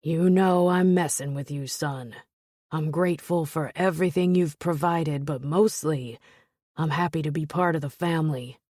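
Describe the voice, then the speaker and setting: A woman narrator voicing a gruff, teasing older father-in-law with dry humor. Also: low-pitched, normal speed, a little mellow, no echo. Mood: warm. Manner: dry, joking.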